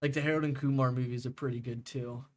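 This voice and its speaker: A man's voice: mid-range voice, steady tone, quick pace. A young man streaming a game, chatting casually with viewers, rambling and laughing, swearing freely.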